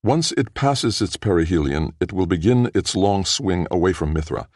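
A man voicing a ship's master computer in an audiobook, with a flat, bland delivery. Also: low-pitched, moderate pace, no room sound, studio quality.

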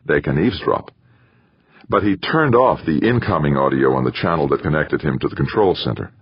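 A man narrating an audiobook in a steady, measured reading. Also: extremely low pitch, slightly rough, dry recording, lo-fi sound. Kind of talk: scripted narration.

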